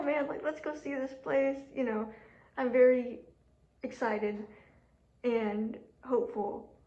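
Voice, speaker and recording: A woman talking casually to camera about her own experiences, chatty and animated, with lots of fillers and quoted self-talk, and a sore throat. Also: fairly high pitch. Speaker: job seeker telling her story. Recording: echoey room, dull lo-fi audio.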